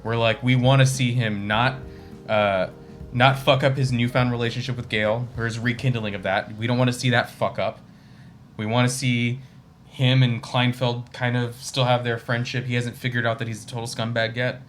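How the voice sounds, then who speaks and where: A man's voice: mid-range voice, little pitch movement, normal speed, soft background music. A man co-hosting a casual movie discussion, rambling and swearing freely as he recounts scenes. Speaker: podcast co-host.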